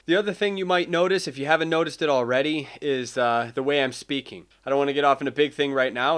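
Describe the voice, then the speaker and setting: A man's voice: medium pitch, fast, few pauses, fairly bright tone, clean tone. A man, an independent animator, talking casually and explaining his process into a cheap desk microphone at home. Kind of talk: casual vlog talk.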